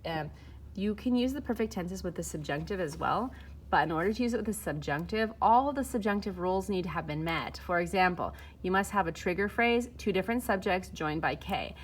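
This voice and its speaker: A woman's voice: fairly low pitch, expressive, fairly quick, a little hiss or hum. A woman teaching Spanish grammar, explaining step by step in a casual way with fillers, while filming and typing. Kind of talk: recorded lesson walkthrough.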